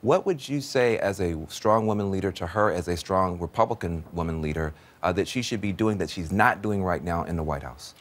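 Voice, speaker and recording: A man's voice: low voice, brisk, hardly any pauses, a little hiss or hum. A man hosting a talk show, talking earnestly and emphatically with guests and teasing them. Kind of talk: studio interview and show segments.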